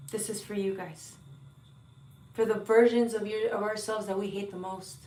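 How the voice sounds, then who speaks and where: A woman's voice: medium pitch, steady tone, moderate pace, mellow, echoey room, distant mic, a little hiss or hum. A woman giving a heartfelt, earnest spiritual tarot reading to her viewers, often repeating words and sometimes swearing. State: emotional at times. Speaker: tarot reader.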